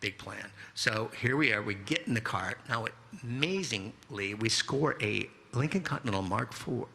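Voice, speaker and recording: A man in his sixties telling a personal story aloud at a live storytelling event, lively and anecdotal, acting out the dialogue. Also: fairly low pitch, normal speed, creaky, husky. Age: 60s. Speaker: contributing author.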